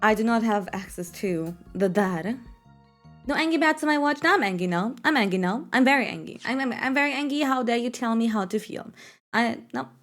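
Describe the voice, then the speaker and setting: A woman's voice: a little high, expressive, a little fast, a bit bright, soft background music. Rambling, cursing woman streamer. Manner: rambling, frequent swearing and fillers. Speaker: game streamer. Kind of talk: casual live-stream chat.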